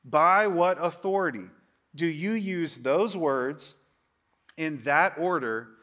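High-voiced man preaching a casual sermon. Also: animated, slow, bright, forceful tone. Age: 30s. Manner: conversational, joking, asks the crowd "right?". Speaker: pastor.

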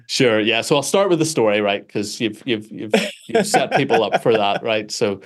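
A man's voice: lowish voice, normal speed. Northern Irish man telling stories. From Northern Ireland. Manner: self-deprecating, animated storytelling with many restarts. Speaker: author and guest. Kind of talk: conversational interview answers.

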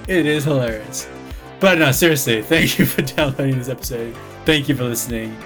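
A man's voice: mid-range voice, fairly quick, a bit bright, soft background music. An Australian man who runs the game, teasing his players with lots of giggling in casual podcast banter. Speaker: game master.

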